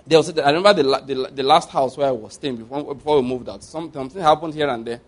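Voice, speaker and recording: A man preaching a conversational sermon, repeating phrases for emphasis and swinging between quiet and loud passages. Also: mid-range voice, fast talker.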